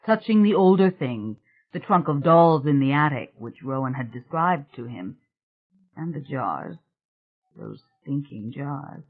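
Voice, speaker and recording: A man's voice: on the high side, expressive, measured pace. Man narrating over tinny audio. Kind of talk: scripted narration. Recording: thin, phone-like audio.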